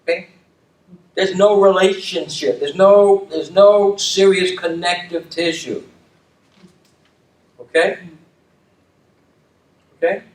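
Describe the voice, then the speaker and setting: A man's voice: high voice, slow, pauses often. Older man, reflective talk, repeats points, checks in often, echoey room, away from mic. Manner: repeats "okay?" to check in, emphatic restatements. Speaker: community leader and former dean. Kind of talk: reflective conversation. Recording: roomy, distant mic with faint room noise.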